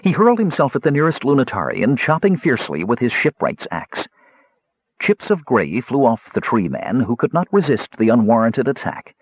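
A man reading a fantasy novel aloud as audiobook narrator, expressive and voicing the characters. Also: mid-range voice, moderate pace, husky, no echo. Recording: dull lo-fi dry recording.

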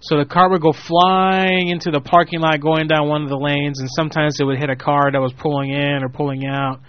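A man's voice: fairly high pitch, a little fast. A young man in his twenties, hosting a show and telling a long rambling story with lots of swearing, acting out the people he quotes. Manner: rambling, profane, animated quoting of people. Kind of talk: casual storytelling. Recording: muffled lo-fi audio.

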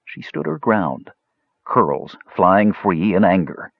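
Husky low-voiced male narrator. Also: very animated, slow pace, dry recording. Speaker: audiobook narrator. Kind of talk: scripted narration. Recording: dull lo-fi audio.

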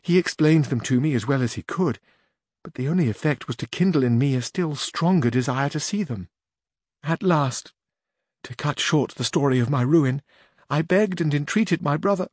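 Brief: man voicing a shy, weeping young noblewoman in a storybook reading, raised pitch, dry close sound. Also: normal speed, a little mellow, husky, dry recording. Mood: tearful pleading. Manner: tearful, pleading, modest.

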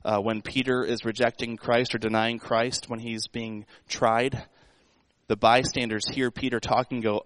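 A man's voice: medium pitch, level tone, a little fast, fairly bright tone, dry recording, low-quality recording. A man preaching a sermon in a conversational way, asking the congregation rhetorical questions. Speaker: pastor.

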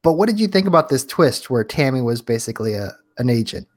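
A man co-hosting a podcast in a casual chat, relaxed, asking questions and giving short agreeing replies. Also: medium pitch, fast. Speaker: podcast co-host.

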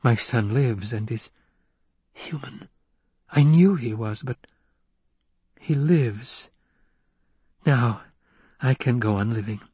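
Man voicing a tense noblewoman, mother figure, intense and inward, husky. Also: medium pitch, slow, pauses often, warm tone, no room sound.

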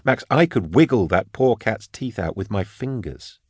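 A man reading the part of a wry male forensic scholar with a dry wit, explaining in a measured way. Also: on the low side, expressive, breathy edge, dry recording. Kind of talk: audiobook character reading.

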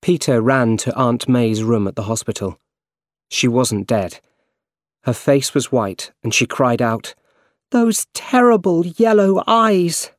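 A man reading a simple storybook aloud in slow, clear, carefully paced narration. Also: mid-range voice, steady tone, no echo, studio quality. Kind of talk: scripted narration of a graded reader story.

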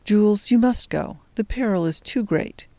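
A woman's voice: mid-range voice, moderate pace, darkish tone, no room sound, natural voice. A woman voicing a frightened but loyal young heroine who pleads anxiously.

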